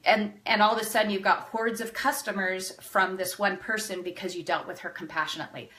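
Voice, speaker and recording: A middle-aged woman with a bright, clear voice coaches farmers on pricing. She talks quickly and earnestly, with plenty of animated energy. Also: medium pitch. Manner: fast, earnest, animated advice. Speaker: farm marketing coach. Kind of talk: video lesson to farmers.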